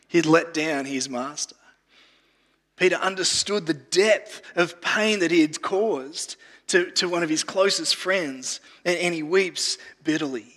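A man's voice: fairly high pitch, sharp tone. A male pastor giving an earnest sermon who often repeats words while he gathers his thoughts. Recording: long reverb of a large room.

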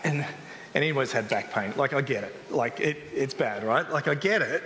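Male pastor, bright and tense, casual sermon with jokes, live reverberant church hall. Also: mid-range voice, animated, moderate pace, slight background noise. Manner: conversational and joking, acts out complaining voices.

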